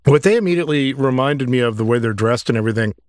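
A man's voice: mid-range voice, expressive, fast, no room sound. A chatty man sharing his opinions. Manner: chatty, thinking aloud, chuckling asides. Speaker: podcast co-host. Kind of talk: casual conversation.

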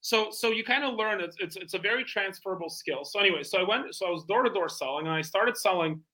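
A middle-aged man speaks quickly with a bright, forceful edge. He tells sales stories in a lively, animated way, acting out both sides of a call. His voice sits a little high for a man. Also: low-quality recording. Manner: energetic, animated, acts out phone calls. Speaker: guest, bespoke tailor and founder. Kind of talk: casual interview storytelling.

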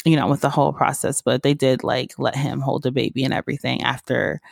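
A woman's voice: very deep voice, little pitch movement, brisk, creaky, dry recording, studio quality. A woman from the American South, a podcast host, telling her own story in a rambling, casual way with lots of fillers and frequent laughs.

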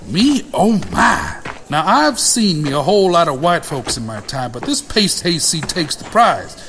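A man's voice: on the high side, very animated, unhurried, fairly bright tone, slight background noise, exaggerated voice. A man voicing a sassy, scolding elderly woman cook with a folksy drawl in a comedic audio drama. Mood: wry.

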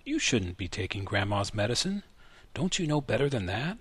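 A man's voice: lowish voice, sing-song, moderate pace, slightly rough, no room sound. A man reading a short story, voicing a weary grown grandson who answers in a tight, defensive way. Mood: scolding.

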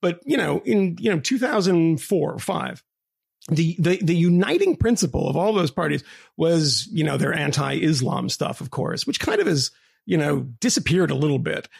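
A man co-hosting a podcast, talking casually in an animated, storytelling way with frequent laughs and restarts. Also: a little high, moderate pace, vocal fry, breathy edge. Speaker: podcast co-host.

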